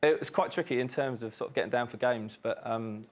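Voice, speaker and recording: A man's voice: mid-range voice, fairly quick. A man, a quiz contestant, chatting casually and hesitantly, with many fillers. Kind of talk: casual chat.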